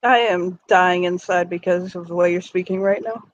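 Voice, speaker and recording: A wry, teasing tabletop player speaks at a middle pitch, the sound dry and a little dull, as from a lo-fi mic. Jokes land flat and quick. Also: dry recording. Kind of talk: tabletop role-play chat.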